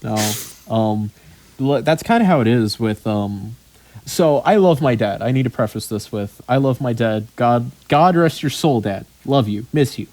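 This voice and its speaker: A man hosting a podcast in casual chat, rambling, swearing freely and often pausing on ums. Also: mid-range voice, lively intonation, darkish tone. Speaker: podcast host.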